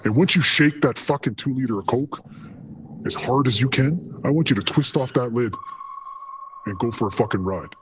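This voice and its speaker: A man telling a wild paramedic story in a casual, profane, animated way, acting out the quotes. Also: medium pitch, moderate pace, muffled recording, noisy background.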